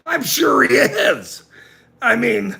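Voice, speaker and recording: A middle-aged man rants to his livestream audience, cursing and mocking as he goes. His voice is high and heavily gravelly, with a slow, deliberate delivery and wide swings in pitch. The tone is sharp and bright. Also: huge pitch swings. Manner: profane, sarcastic ranting, talks to chat. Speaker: livestream host. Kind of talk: ranting livestream chat.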